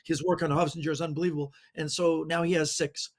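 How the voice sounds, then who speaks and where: A man's voice: fairly high pitch, level tone, quick pace. A man talking as a guest in a casual interview, joking about himself. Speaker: magician guest.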